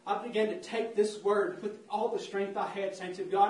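A man's voice: high voice, a little slow, bright, forceful tone. A man preaching a fervent, repetitive sermon, calling out to the congregation. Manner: fervent, repetitive, calls out "saints of God". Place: church. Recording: roomy church from a distance.

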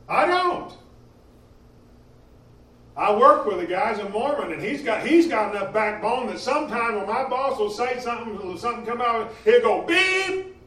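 A man preaching a sermon in a church, impassioned, swinging between loud emphasis and quieter stretches. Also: very high voice. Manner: impassioned, rising and falling in emphasis. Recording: echoey room from a distance.

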